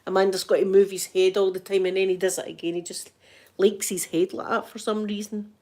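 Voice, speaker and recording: A middle-aged Scottish woman and grandmother chatting in a casual ASMR vlog, animated and laughing often. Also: medium pitch, brisk. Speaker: vlogger and grandmother.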